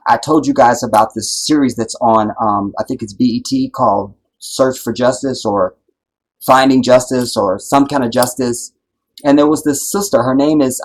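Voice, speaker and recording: A man runs a livestream in a husky, mid-range voice, preaching with passion and rising to loud, emphatic peaks. He keeps asking "you see what I'm saying" to make sure his audience is with him. The recording quality is low.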